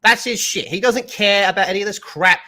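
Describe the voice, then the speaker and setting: A man's voice: high voice, brisk, pushed and bright. A man ranting bluntly and profanely as a stream commentator.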